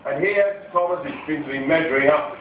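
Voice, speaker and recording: A man's voice: a little high, brisk, recorded from a distance, a little hiss or hum. A man doing a rambling, playful stand-up routine, slipping into silly character voices. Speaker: stand-up comedian. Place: comedy venue stage with audience. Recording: live stage audio, tinny and roomy, loud crowd laughter. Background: audience laughter.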